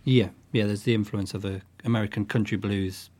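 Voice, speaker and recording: A man from northwest England, a folk musician talking thoughtfully in an interview, often pausing and restarting. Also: on the low side, steady tone, a little mellow. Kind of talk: interview chat.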